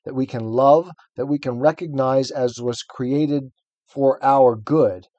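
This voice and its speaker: A man's voice: mid-range voice, fairly even intonation, takes it slowly, dark tone, no echo, dull audio. A man co-hosting a podcast, talking through a book in an earnest, explanatory way. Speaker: podcast co-host. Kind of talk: casual book discussion.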